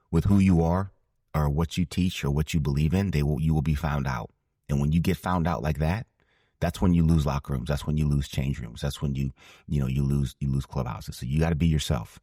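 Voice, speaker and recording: Very deep-voiced earnest man in his forties. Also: fairly even intonation, brisk, mellow, breathy edge, no echo, clean studio sound. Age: 40s. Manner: earnest, emphatic, repeats phrases and restarts. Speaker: podcast guest, former ballplayer and broadcaster. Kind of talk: storytelling interview answer.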